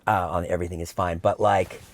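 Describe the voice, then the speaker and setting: A middle-aged man vlogging in a casual sit-down chat, telling stories in an animated way and slipping into quick impressions. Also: low-pitched. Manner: chatty and animated, slips into impressions. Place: indoor room.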